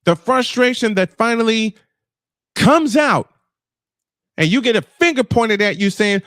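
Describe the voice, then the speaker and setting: A man's voice: high voice, animated, a little slow, pauses often, a bit bright, no room sound, studio quality. A man in his fifties venting in an emotional personal monologue, angry and frustrated, swearing and repeating himself for emphasis. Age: 50s. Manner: angry, frustrated, profane outbursts; emphatic repetition. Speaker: livestream host. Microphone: camera off, voice only.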